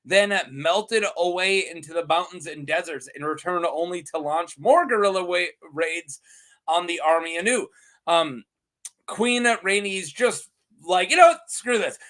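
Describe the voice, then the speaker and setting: A man's voice: sits high, pushed and bright. A man hosting a lore channel, chatting casually and animatedly, rambling and laughing often.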